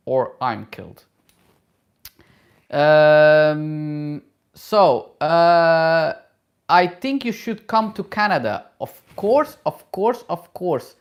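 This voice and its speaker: A middle-aged man, a travel vlogger and hairdresser, reads viewer questions aloud in a live Q&A and answers in halting, non-native English with many fillers. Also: on the high side. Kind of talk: live Q&A, casual chat.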